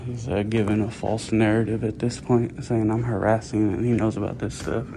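A man's voice: fairly low pitch, little pitch movement, normal speed, creaky, noisy background. A man filming inside a public office, arguing with staff and repeating his questions. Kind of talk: confrontational auditor video.

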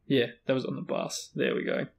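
Gravelly man reading a novel aloud. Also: mid-range voice, fairly quick. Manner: reads dialogue with lively character voices. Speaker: book discussion host reading aloud.

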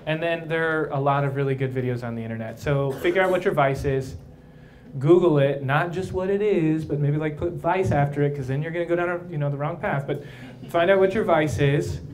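Playful, chatty priest with a light voice. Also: male voice, fairly high pitch, a little fast, a little mellow. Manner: playful, conversational, keeps asking "right?". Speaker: priest speaking at a young adult event. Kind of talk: casual live talk to a crowd. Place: brewery, live audience.

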